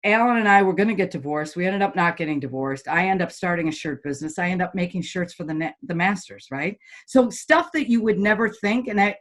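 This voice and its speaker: A middle-aged woman speaking in an ordinary mid-range voice, telling anecdotes in a podcast interview. She is blunt and lively, and she acts out the people in her stories as she goes. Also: medium pitch. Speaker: golf teaching pro and motivational speaker.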